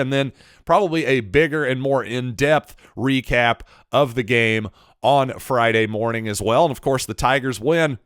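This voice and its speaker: A man's voice: mid-range voice, clear, resonant tone, no room sound, clean studio sound. A man hosting a solo sports podcast, talking through his opinions conversationally with wry asides. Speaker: podcast host.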